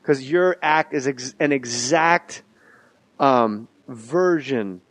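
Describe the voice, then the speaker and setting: A middle-aged man hosting a comedy podcast, telling rambling, profane backstage stories with quick asides. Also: medium pitch, fairly bright tone, dry recording. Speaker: podcast host. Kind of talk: casual comedy podcast chat.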